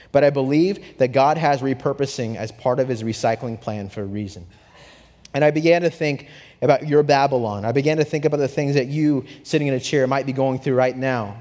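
Animated male preacher in a reverberant hall. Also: mid-range voice, fairly quick. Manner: animated storytelling, swings from hushed to excited. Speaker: pastor. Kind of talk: sermon.

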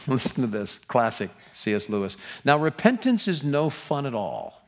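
A man's voice: medium pitch, sing-song, normal speed. A man, a middle-aged pastor, preaching a sermon with earnest, emphatic appeals to the congregation.

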